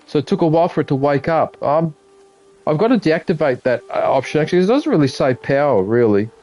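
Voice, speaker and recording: A man's voice: on the high side, expressive, quick pace, darkish tone. A man chatting casually on a live game stream, muttering to himself and swearing when frustrated. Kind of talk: casual live-stream chat while gaming.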